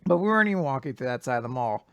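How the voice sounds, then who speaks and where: A man's voice: medium pitch, lively intonation, very fast, fairly bright tone, no echo, muffled recording. A man co-hosting a casual manga podcast, telling stories with wry, self-deprecating humor through his grief. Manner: grieving but joking, self-deprecating storytelling. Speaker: podcast co-host.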